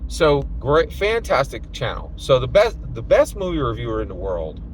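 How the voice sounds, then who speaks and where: Man, vlogger, casual rambling monologue, lively pitch, faint noise behind. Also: normal speed, poor audio. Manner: rambling, tags many lines with "right?". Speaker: political vlogger.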